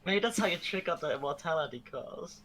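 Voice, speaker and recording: A man at a tabletop game tosses out playful, joking remarks. His voice is bright and forward, with a lively, animated pitch. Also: brisk. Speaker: player. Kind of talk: casual tabletop game chat.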